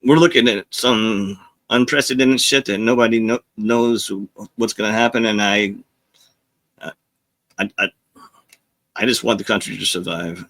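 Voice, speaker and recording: A man's voice: fairly low pitch, measured pace, long pauses. A man, a former Navy journalist, telling rambling stories on a podcast and acting out what people said with laughs. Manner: rambling, animated, acts out quotes with laughs. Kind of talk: casual storytelling.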